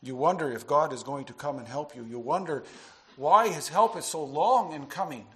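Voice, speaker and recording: A man preaching a sermon to his congregation, earnest, dropping to quiet asides and rising into emphatic passages. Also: fairly high pitch, normal speed. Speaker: pastor.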